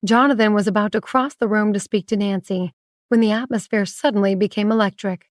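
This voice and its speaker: A woman reading a romance audiobook in measured, even storytelling on a close mic. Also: medium pitch, no room sound. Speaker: narrator. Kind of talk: scripted audiobook narration.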